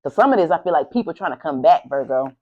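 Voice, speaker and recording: Speaking straight to her camera mic, a tarot reader gives a casual, sassy, profane reading full of animation. Her voice is deep and expressive, her pace quick, and the audio dull.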